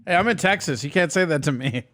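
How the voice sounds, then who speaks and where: A man's voice: on the high side, expressive, quick pace, sharp tone. A man joining a comedy call-in stream, ribbing the caller with profane jokes. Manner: joking, profane banter. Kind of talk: casual chat.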